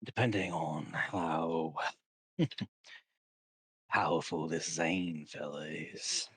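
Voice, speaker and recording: A man voicing a sly, knowing male sentient sword who speaks slowly and deliberately in a tabletop game. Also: a bass voice, a bit bright, husky, no room sound, full character voice. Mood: sly, measured. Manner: drawling, deliberate.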